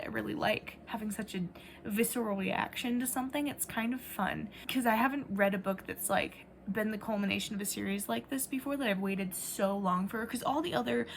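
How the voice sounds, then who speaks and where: A woman's voice: fairly high pitch, creaky, a little hiss or hum. Chatty young woman vlogging about books. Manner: chatty and rambling, with many likes. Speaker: book vlogger. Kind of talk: casual reading vlog chat. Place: at home.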